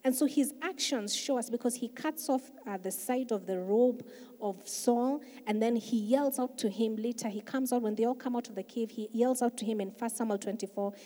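A woman's voice: a little high, normal speed. A woman pastor preaching a sermon, telling the story with emphatic, swelling delivery. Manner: emphatic storytelling, swelling louder for key points. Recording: long reverb of a large hall.

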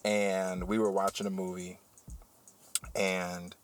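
A man who works as a teacher, hosting a casual podcast chat and telling a story with animated, heated energy. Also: low-pitched, takes it slowly, a little hiss or hum. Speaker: podcast host.

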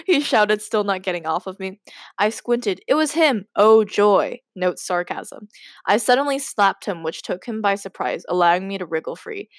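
A woman's voice: mid-range voice, lively intonation, normal speed, no room sound, studio quality. A young woman hosting a podcast, reading her old stories aloud and breaking off with giggling, self-mocking asides. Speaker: podcast host.

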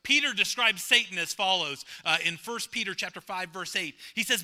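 Hardly pausing at all, a pastor preaches at normal speed in a high-pitched voice. He repeats key phrases emphatically, swings between loud and hushed, and jokes with and questions the congregation.

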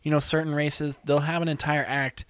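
Hesitant slightly high man, dry mic. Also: flat delivery, normal speed, no echo. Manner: hesitant, trails off, laughs often. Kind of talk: casual chat.

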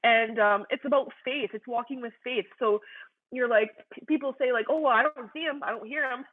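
A woman's voice: fairly high pitch, fairly quick. A young woman sharing her personal faith testimony, earnest and fervent, talking in a loose way full of "like" and "you know". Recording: tinny phone-like sound.

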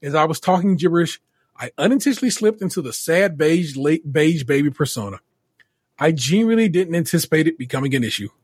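Guy on a podcast reading a story out loud, husky voice, dry sound, kinda wry. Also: on the high side, fast talker, dry recording. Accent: Californian. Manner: steady read-aloud delivery with wry asides. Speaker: podcast co-host. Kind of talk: reading a listener story aloud, casual chat.

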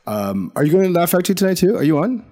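A man hosting a casual comedy chat, lively and directing the others. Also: high voice, rapid-fire. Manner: lively, bossy, sets up bits.

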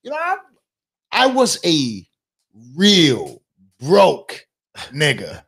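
Young male host, slightly high voice, brash and profane, casual banter. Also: huge pitch swings, drawn-out words, breathy edge. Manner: loud, profane, joking. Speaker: podcast host. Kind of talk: casual chat.

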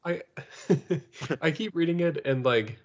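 A man's voice: fairly high pitch, slow pace, lo-fi sound. A man co-hosting a podcast, chatting casually with frequent laughter, sarcastic asides and stammering restarts. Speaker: podcast co-host. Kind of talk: casual comedic chat.

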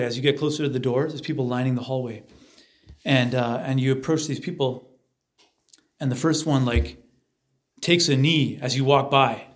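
Male preacher, mid-pitch, casual and vivid, guiding a spoken meditation. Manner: conversational, vivid storytelling, acts out crowd chants and voices. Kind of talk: guided meditation talk.

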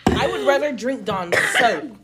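A woman chatting casually on a podcast, full of quick and expressive reactions. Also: fairly high pitch, noisy background.

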